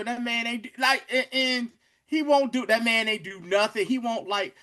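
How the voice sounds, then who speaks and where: A very high-pitched, sharp-toned young man speaks at normal speed. He co-hosts a podcast and, in casual chat, reviews a show by animatedly recounting its scenes with slang and performed quotes.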